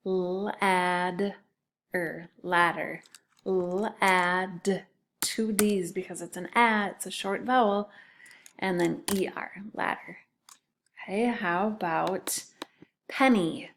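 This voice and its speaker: A woman's voice: mid-range voice, takes it slowly, vocal fry, a bit bright, slight background noise. A woman teaching a children's spelling lesson, patiently sounding out words syllable by syllable.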